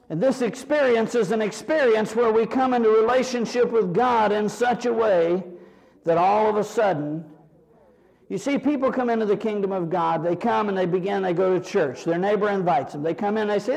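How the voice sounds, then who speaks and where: A man preaching a sermon, animated, often acting out prayers and rising to shouts. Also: high-pitched, a little fast, vocal fry. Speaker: pastor. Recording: 1980s church recording with long hall reverb.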